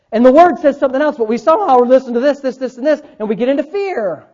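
A man's voice: very high-pitched, lively intonation, fast, few pauses, a little mellow. Guy preaching hard, punchy and emphatic, kinda muffled lo-fi sound. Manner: preaching with rising emphasis and scripture quotes. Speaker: pastor. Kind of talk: sermon.

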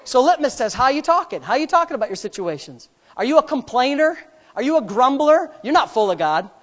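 A man preaching from the pulpit, swinging between loud, climbing peaks and hushed, joking stories about himself. His voice carries through a big church sanctuary, with long reverb trailing after every phrase. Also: extremely high pitch, sing-song, brisk. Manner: builds to loud preaching peaks, then drops to quiet storytelling; self-mocking, conversational asides. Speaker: pastor. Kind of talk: sermon. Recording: long reverb of a large hall.

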